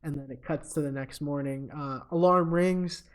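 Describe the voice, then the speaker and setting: A man's voice: fairly high pitch, fairly even intonation, normal speed. A man co-hosting a comedy podcast, recapping a movie in a rambling, casual way with lots of fillers. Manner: rambling, filler-heavy storytelling. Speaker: podcast co-host.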